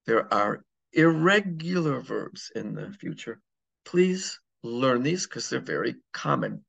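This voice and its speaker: A man teaches Spanish grammar in class, stepping through examples methodically and checking in with repeated "okay?"s. His voice is mid-range, somewhat bright, with vocal fry.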